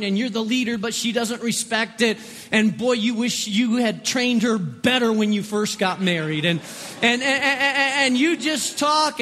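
Male pastor, sermon delivery, high voice, long-reverb hall sound. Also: fairly bright tone. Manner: preachy, repeats words in bursts, acts out quoted voices.

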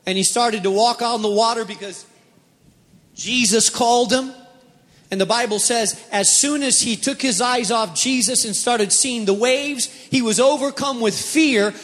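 High-voiced pastor preaching in a hall. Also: male voice, measured pace, fairly bright tone. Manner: dramatic storytelling, acting out panicked voices; asks the congregation direct questions. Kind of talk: sermon.

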